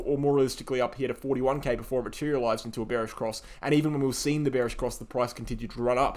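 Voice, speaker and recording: A man giving emphatic market chart analysis, pressing his points and often checking in with "right?". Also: mid-range voice.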